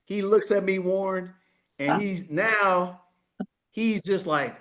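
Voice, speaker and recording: High-voiced man telling a lively story. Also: moderate pace. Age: 50s. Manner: animated, acts out the dialogue, keeps repeating "I said". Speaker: guest, money coach. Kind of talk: storytelling in a podcast interview.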